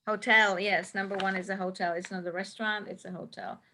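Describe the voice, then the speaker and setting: A woman's voice: mid-range voice, fairly even intonation, brisk, noisy background. A woman teaching a classroom English lesson, patiently checking answers one by one and repeating them. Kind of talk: classroom instruction.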